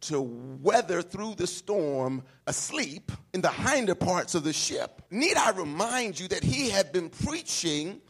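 A pastor preaching a sermon, shifting from quiet talk to shouted, sing-song peaks. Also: male voice, high voice, sing-song, a little slow, hardly any pauses, husky.

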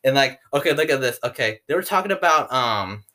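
A man's voice: mid-range voice, lively intonation, a little fast, sharp tone. A teenage boy hosting a casual podcast chat, rambling with many fillers and laughs. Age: teens. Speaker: podcast host.

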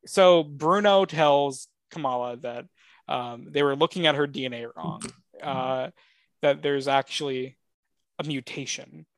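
A man's voice: mid-range voice, unhurried, no echo. A man co-hosting a casual pop-culture podcast, rambling through his points with lots of filler words and plenty of fan enthusiasm. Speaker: podcast co-host.

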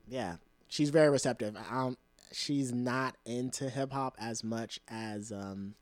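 A man's voice: mid-range voice, measured pace, no echo, soft background music. A man as a guest in a casual chat, hesitant with frequent ums and easy laughter.

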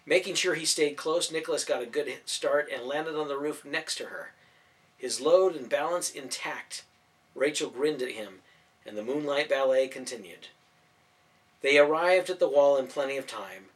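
A man narrating a storybook in expressive audiobook style. His voice sits slightly higher than most men's. He reads from some distance off the microphone. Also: normal speed. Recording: voice from a distance off mic.

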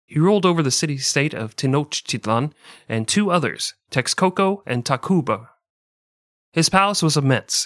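A man's voice: mid-range voice, a bit bright, no room sound. A man narrates history for a comedy podcast with a wry, laid-back delivery and casual swearing. The recording is dry and close, with almost no room sound.

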